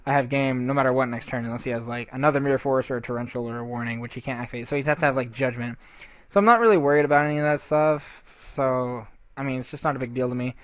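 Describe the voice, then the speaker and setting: A man's voice: medium pitch, fast talker, no room sound. A man giving casual, rambling gameplay commentary, swearing freely and restarting his sentences often.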